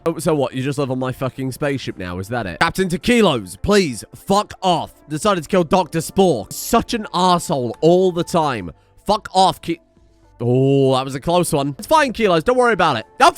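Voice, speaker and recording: Man, game commentary, swears a lot, lively swooping pitch, faint music underneath. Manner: animated, swearing, joking asides to the colonists. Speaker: gameplay commentator. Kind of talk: let's play commentary.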